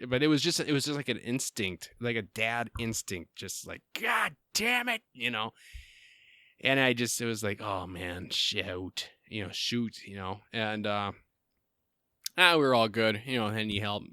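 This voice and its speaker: A man's voice: fairly low pitch, sharp tone, clean tone, no echo, clean studio sound. A man, hosting a podcast in a casual, rambling way, full of fillers and restarts. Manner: rambling, lots of fillers and restarts, laughs often. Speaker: podcast host.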